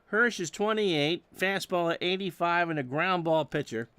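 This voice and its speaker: A man doing solo play-by-play of a simulated old baseball game, reading stats with dry jokes and getting loud on big plays. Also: sits high, moderate pace, clean tone, no room sound. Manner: dry joking asides between stats, erupts on big plays. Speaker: play-by-play announcer.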